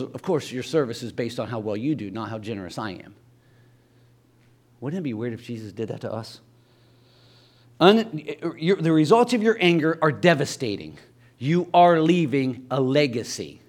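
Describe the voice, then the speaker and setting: A man with a Southern Ohio accent preaching a sermon in a church, talking conversationally, stumbling and restarting, and acting out quoted voices. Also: a little high. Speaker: pastor. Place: church sanctuary.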